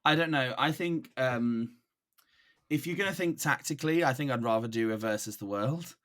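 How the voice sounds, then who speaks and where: A man from Brighton with an English accent, a guest on a podcast, chatting casually with hesitant pauses and playful teasing. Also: mid-range voice. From Brighton, England. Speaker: guest drag performer.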